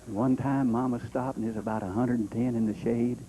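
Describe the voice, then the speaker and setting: A man playing a folksy country-boy character, telling a comic monologue in a deadpan drawl. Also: medium pitch, brisk, lightly acted, poor audio. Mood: droll. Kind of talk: stand-up comedy monologue.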